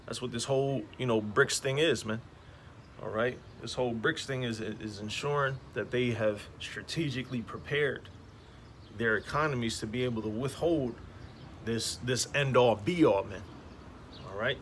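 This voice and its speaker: A man's voice: mid-range voice, moderate pace. A man street preaching in a slangy, emphatic way, peppering his talk with "man, all right?" outdoors beside passing traffic.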